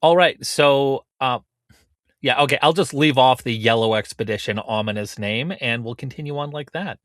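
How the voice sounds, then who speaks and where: A man co-hosts a relaxed podcast chat. He jokes a lot and stalls often on "uh" fillers. His voice sits at a middling pitch, recorded close and dry. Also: dry recording. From Canada. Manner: joking, halting with many "uh" fillers. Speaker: podcast co-host. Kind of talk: casual chat.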